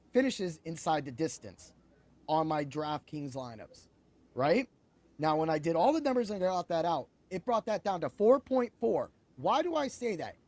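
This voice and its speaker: A man hosting a podcast, talking excitably about fights in a rambling way that keeps correcting itself. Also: fairly high pitch. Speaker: podcast host. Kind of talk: animated sports betting chat.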